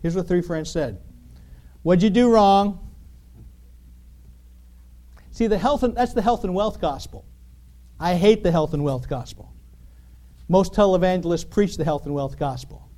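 A man preaching a sermon in an animated, emphatic, conversational way, full of rhetorical questions. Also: high voice, moderate pace.

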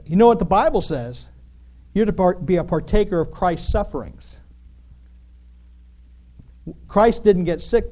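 A man preaching a sermon in an animated, emphatic, conversational way, full of rhetorical questions. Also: a little high.

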